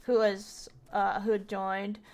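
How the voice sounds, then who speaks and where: A woman's voice: medium pitch, flat delivery, slow pace, darkish tone. A young woman streamer telling a rambling story to friends while she games, often stopping to search for names. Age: young adult. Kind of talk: casual storytelling while gaming.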